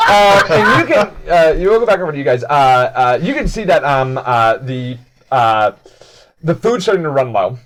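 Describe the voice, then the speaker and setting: A young man narrating a tabletop game as game master, animated and full of fillers. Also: mid-range voice, moderate pace, slight background noise. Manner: animated, laughing, many fillers.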